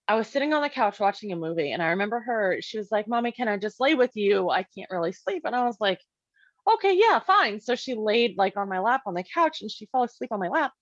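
In a mid-range voice, a mother chats through her own story in an easygoing, conversational way, using "like" a lot and performing the quoted lines. The sound is dry and slightly muffled.

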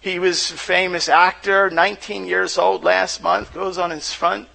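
A man's voice: high-pitched, flat delivery, unhurried, creaky, bright, forceful tone, low-quality recording. A pastor preaching a sermon in church, asking the congregation questions and often repeating words as he restarts. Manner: asks rhetorical questions to the audience.

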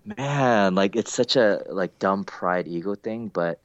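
A man chatting casually, telling animated stories and acting out other people's lines. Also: unhurried, dry recording, dull audio. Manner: animated storyteller, acts out quotes with big pitch jumps. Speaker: event organizer. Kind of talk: casual chat, storytelling.

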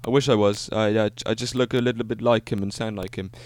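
A man's voice: on the low side, steady tone, fast talker, darkish tone, no room sound, lightly acted. A man putting on a modest Croatian man. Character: polite Croatian man, middle-aged.

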